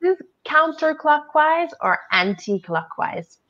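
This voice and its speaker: A woman from New Zealand with a New Zealand accent, co-hosting a live online English lesson, asking many questions and gently guiding. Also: high-pitched, big pitch swings, slow, dull audio. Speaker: English teacher co-hosting a livestream.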